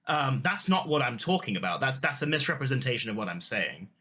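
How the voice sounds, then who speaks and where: A man's voice: medium pitch, big pitch swings, brisk, sharp tone. A man co-hosting a casual podcast chat, earnest and restarting often as he clarifies his point. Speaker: podcast co-host.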